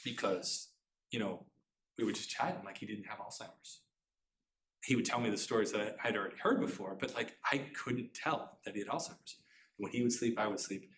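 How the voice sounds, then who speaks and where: A middle-aged man telling a personal family story to a live audience, talking fast and earnestly, often restarting his sentences. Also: fairly low pitch, a bit bright, a little hiss or hum. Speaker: author giving a talk. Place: community center room. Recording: roomy hall sound.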